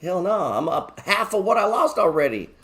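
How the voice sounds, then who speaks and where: A man's voice: sits high, sing-song, moderate pace, crowd noise. A man hosting a live stock market show, chatting casually, joking and swearing freely as he talks through his trades. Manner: reads viewer chat aloud.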